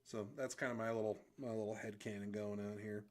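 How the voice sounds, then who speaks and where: A man's voice: on the low side, fairly even intonation, fast, a little mellow. Rambling male streamer chatting while he draws. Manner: rambling, self-deprecating, thinks aloud. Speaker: livestreamer drawing comics. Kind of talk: casual chat while drawing.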